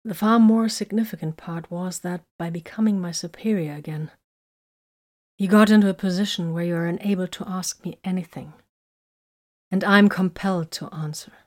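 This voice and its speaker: A woman's voice: fairly low pitch, a little mellow, natural voice. A woman voicing a bitter, hurt young woman warrior in an audiobook, speaking in an emotional, confessional way. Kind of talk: audiobook character reading.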